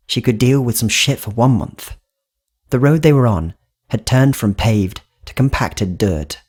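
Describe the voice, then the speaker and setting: Male horror-audiobook narrator, husky mid-pitched voice, steady even read. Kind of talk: scripted narration.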